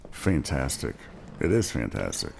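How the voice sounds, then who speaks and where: A man's voice: extremely low pitch, very animated, measured pace, vocal fry, darkish tone, slight background noise. A man hosting a podcast, laid-back and chiming in with jokes in casual chat. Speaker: podcast host.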